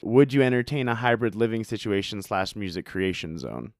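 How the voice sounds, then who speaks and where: Young male host, casual chat, smooth lowish voice, dry close recording. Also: brisk, dry recording. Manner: relaxed, swears casually, acts out quotes. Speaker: podcast host.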